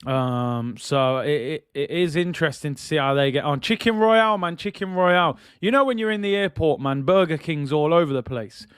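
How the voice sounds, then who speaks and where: Chatty slangy man, fairly high voice. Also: normal speed, hardly any pauses, a bit bright, clear, resonant tone, no room sound, studio quality. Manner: chatty, slangy, reads out chat messages. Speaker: streamer hosting a football watch-along. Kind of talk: casual live commentary.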